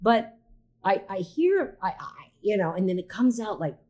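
Animated middle-aged woman telling stories. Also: medium pitch, normal speed. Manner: animated storyteller, many restarts and quoted voices. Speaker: podcast host, shaman. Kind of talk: casual chat.

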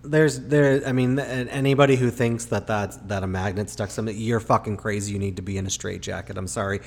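A man's voice: on the low side, fairly even intonation, fairly quick, vocal fry. Swearing man ranting on a podcast. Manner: profane, ranting, loud. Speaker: podcast co-host. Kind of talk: casual podcast chat. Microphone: close home podcast mic, hot levels.

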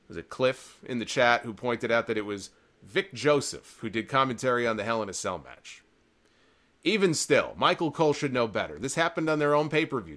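A man's voice: mid-range voice, a bit bright. A man hosting a live-streamed wrestling recap, talking in an opinionated, sarcastic and rambling way. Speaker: wrestling show host.

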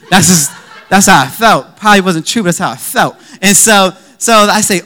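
Young male pastor, high clear voice, bright and animated storytelling sermon. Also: brisk. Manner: animated, humorous, acts out own quoted lines.

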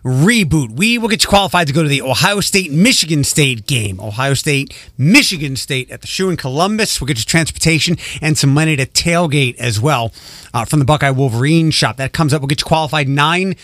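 A man's voice: a little high, expressive, fairly quick, fairly bright tone, no echo. A man hosting a morning radio show, trading playful, teasing banter with callers and his co-host in a studio. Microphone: studio microphone.

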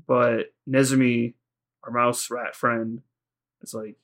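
A male podcast co-host with an ordinary middle-pitched voice, talking fast and loose. He circles his points, restarts, and acts out characters' lines as he retells a plot. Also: flat delivery, fairly bright tone. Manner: rambling, heavy use of "like", retells scenes in quoted voices. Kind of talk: casual recap chat.

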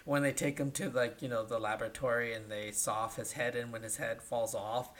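A man's voice: mid-range voice, level tone, brisk, fairly bright tone. Podcast host, man, mid-range voice, loose rambling recap style, keeps checking in with "right?". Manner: rambling retelling, tags lines with "right?". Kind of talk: casual chat.

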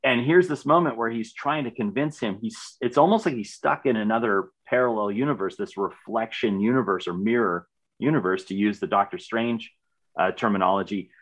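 A man's voice: fairly low pitch, a little fast. Enthusiastic man co-hosting a podcast. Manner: enthusiastic, repeats words when starting. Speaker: podcast co-host. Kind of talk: casual chat reviewing a TV series.

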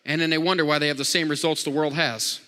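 A man's voice: a little high, little pitch movement, fast, sharp tone. Fiery preacher man in a reverberant hall. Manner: jokey, call-and-response preaching with repeated amens. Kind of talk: sermon.

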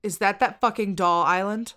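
A woman's voice: medium pitch, steady tone, normal speed, pushed and bright. A woman co-hosting a podcast, trading dry, sarcastic banter in casual chat. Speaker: podcast co-host.

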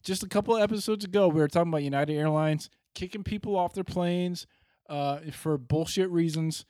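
High-voiced joking podcast man. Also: a little mellow, dry recording, studio quality. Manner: joking, profane, quick quips. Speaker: podcast co-host. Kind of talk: comedic podcast banter.

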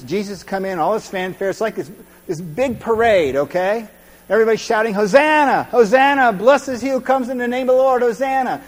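A man's voice: high voice, darkish tone, big-room sound, poor audio. A man giving a conversational sermon as pastor, acting out crowd voices and often checking in with his listeners.

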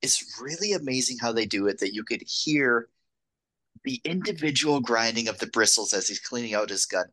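Bright-voiced man, chatty podcast co-host. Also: medium pitch, animated, moderate pace, low-quality recording. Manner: laughs often, goes on tangents, restarts sentences. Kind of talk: casual film discussion.

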